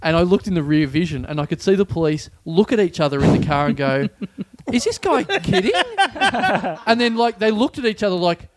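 A man's voice: fairly high pitch, fast, few pauses. An Australian man, a comedian, co-hosting a podcast and telling a rambling self-mocking story with bursts of laughter. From Victoria, Australia. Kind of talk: casual podcast chat.

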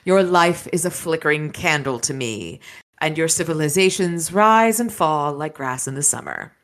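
A woman's voice: sits low, lively intonation, normal speed, a bit bright. A woman reading aloud as a haughty ancient male dragon in human guise, cool and lordly.

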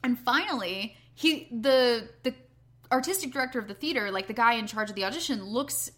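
A young woman with a high, bright voice tells a story on a chat show. She is animated and self-deprecating and swears freely. Her delivery is loose and conversational. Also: fairly quick. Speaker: podcast co-host, stage performer.

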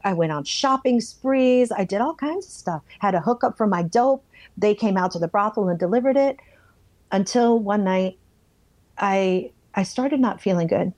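In an interview, a woman with a mid-range, darkish voice and lively intonation tells her own life story candidly at a moderate pace. She's blunt and plain-spoken, acts out her past thoughts, and censors herself when she'd swear.

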